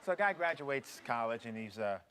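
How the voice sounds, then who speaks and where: A man at a middle pitch telling a long joke in a loose, casual way, with many fillers along the way. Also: expressive, brisk, pushed and bright, clean tone.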